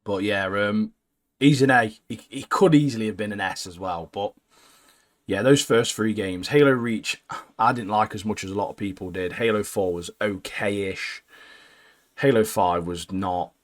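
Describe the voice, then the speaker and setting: A young man co-hosting a casual gaming chat, blunt and opinionated, ending phrases with "mate" and dropping low. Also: moderate pace. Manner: blunt, says "mate" constantly, trails off low at line ends. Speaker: co-host.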